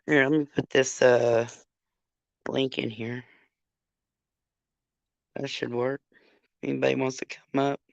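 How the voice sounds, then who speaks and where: Speaking slowly in a very deep, creaky, level voice with frequent pauses, an older woman hosts a casual livestream and tells her viewers a profane, chatty story directly. There's no echo, though the audio sounds dull and lo-fi.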